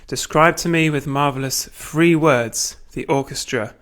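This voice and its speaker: A British man reading a manifesto aloud at a deliberate pace, breaking off for wry asides and small self-corrections. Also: on the high side, fairly bright tone. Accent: British English. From Britain. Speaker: reader of a manifesto.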